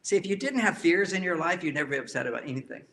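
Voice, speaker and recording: A man's voice: fairly high pitch, lively intonation, racing, sharp tone, slight background noise. A man speaking as a relationship counselor, giving an emphatic talk to a live audience and often repeating key phrases.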